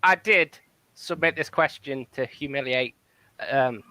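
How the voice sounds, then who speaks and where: A man's voice: medium pitch, measured pace, bright, forceful tone, no room sound. A man on a comedy panel speaking hesitantly with a mumbled delivery. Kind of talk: casual chat.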